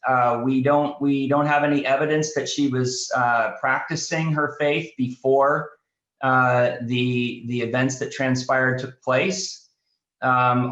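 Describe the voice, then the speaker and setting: A male pastor teaching a group in a relaxed classroom manner. His voice sits at an ordinary middle pitch, broken up by frequent "uh"s and restarts. The room gives it a noticeable echo. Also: highs cut off. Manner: halting, many "uh" fillers and restarts. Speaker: pastor leading a Bible study.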